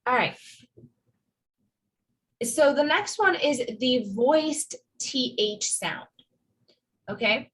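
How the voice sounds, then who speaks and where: A woman teaches English pronunciation at an unhurried pace. Her voice is a little husky and sits slightly high. She is patient and repeats each sound for her students. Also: low-quality recording. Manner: patient, slow and repetitive, modeling sounds for students. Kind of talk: online class lesson.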